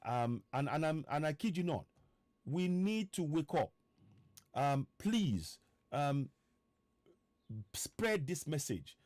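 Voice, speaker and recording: A man's voice: on the high side, big pitch swings, slow pace, long pauses, a little mellow, no echo. A man with a Nigerian accent hosting an impassioned online broadcast, firing off repeated rhetorical questions with stammering restarts. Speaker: political activist host.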